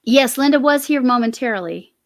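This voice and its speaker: A woman's voice: high-pitched, lively intonation, a little fast, low-quality recording. A woman hosting a crochet livestream, chatting casually and laughing often. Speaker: crochet vlog host.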